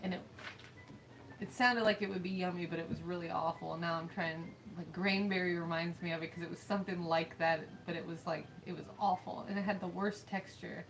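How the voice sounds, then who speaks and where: A woman's voice: lowish voice, fairly even intonation, fairly quick, a little hiss or hum, rough recording. A woman co-hosting a live stream, chatting casually while gaming and reading chat aloud, laughing often. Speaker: streamer co-host.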